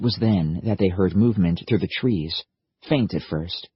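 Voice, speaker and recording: Deep husky guy reading an audiobook, steady, dry muffled sound. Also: unhurried, no room sound. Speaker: audiobook narrator. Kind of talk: scripted narration.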